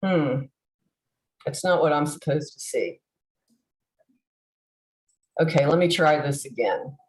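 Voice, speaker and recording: A woman giving a heartfelt tribute over a video call, halting with fillers and restarts. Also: deep voice, lively intonation, darkish tone, reverberant, rough recording. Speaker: convention presenter.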